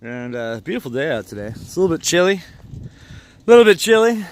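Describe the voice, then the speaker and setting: A man's voice: a little high, big pitch swings, a little fast, slight background noise. A man vlogging outdoors in the cold beside his car, rambling and joking to himself as he works. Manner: rambling, jokey and self-talking. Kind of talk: casual vlog.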